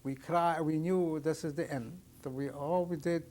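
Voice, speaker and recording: Older man survivor in oral history testimony, somewhat high voice, halting, plain storytelling. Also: steady tone, darkish tone, slight background noise. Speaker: Holocaust survivor interviewee.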